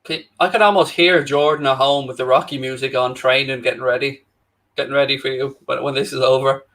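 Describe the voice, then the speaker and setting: A man's voice: medium pitch, steady tone, fairly quick, fairly bright tone. Wry male co-host. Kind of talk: live football watchalong banter.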